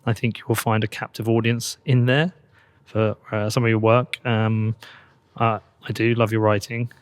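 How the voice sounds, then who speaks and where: A man's voice: fairly low pitch, flat delivery, normal speed, clear, resonant tone. A man hosting a podcast interview, talking bluntly in a casual way and swearing now and then. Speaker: podcast host.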